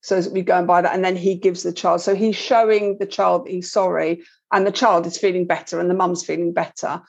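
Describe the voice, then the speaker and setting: A woman's voice: on the low side, steady tone, fairly quick, gravelly, darkish tone, breathy edge. Woman, parenting guest, earnest, self-correcting, muffled lo-fi audio. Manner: earnest, repeats words while explaining. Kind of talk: explaining in a conversation. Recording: dull lo-fi sound.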